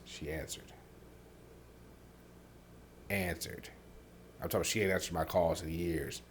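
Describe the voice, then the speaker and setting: A man hosting a podcast, telling his own painful story candidly, halting with many fillers and dropping quiet on the hardest parts. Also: slight background noise. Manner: softens and drops low on painful parts. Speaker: podcast host.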